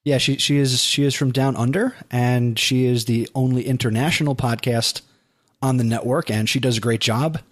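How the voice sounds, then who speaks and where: A man hosting a podcast in casual chat, who slows down to spell out web addresses. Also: mid-range voice, steady tone. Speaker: podcast host.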